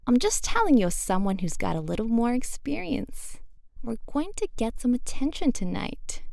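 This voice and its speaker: A woman reading as a bubbly, playful young woman who teases her friend and keeps things upbeat. The voice sits fairly high with a gravelly edge, recorded close and dry. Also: big pitch swings, moderate pace, a little mellow, no echo. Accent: British. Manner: giggly, teasing, upbeat. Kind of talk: scripted audiobook narration.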